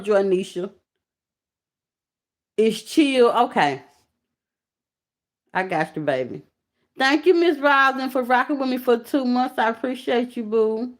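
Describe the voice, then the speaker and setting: Emotional lady on a live stream reading chat out loud, middle pitch, gets loud and excited then drops real soft. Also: a little slow, vocal fry, pauses often. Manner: emotional, swings between loud excited bursts and soft low murmurs. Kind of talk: casual live-stream chat, reading viewer comments aloud.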